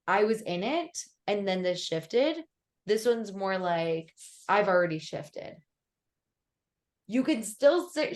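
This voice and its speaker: Young woman, business coach, chatty, filler-heavy, casual coaching call. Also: medium pitch.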